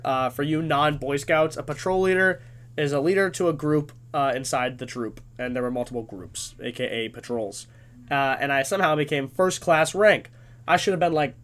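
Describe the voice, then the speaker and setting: A man in his twenties telling a comedic story in an animated, self-deprecating way. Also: a little high.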